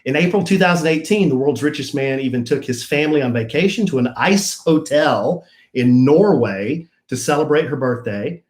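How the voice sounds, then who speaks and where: A man's voice: fairly high pitch, expressive, moderate pace, few pauses, a little mellow, echoey room. A man co-hosting a casual podcast, reading a news article aloud and bantering with his co-host. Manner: reads the article then banters, teasing.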